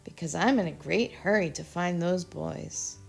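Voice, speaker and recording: A woman voicing a kind, hurried male squirrel who speaks briskly and warmly. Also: on the low side, creaky, husky, faint music behind, full character voice. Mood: kindly.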